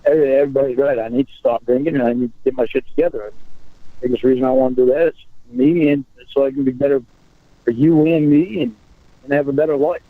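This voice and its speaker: A man on a phone call, talking in halting bursts and repeating his words as he restarts. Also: mid-range voice, fairly even intonation, no room sound. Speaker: caller on a recorded phone call. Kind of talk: casual phone conversation. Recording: tinny phone line.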